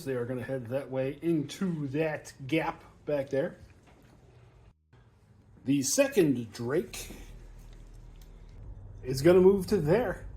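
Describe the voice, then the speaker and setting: Pitched a little high with a dark tone, this man's voice carries a relaxed battle report for a tabletop wargame. He's the channel host and a player himself, counting dice out loud between frequent laughs.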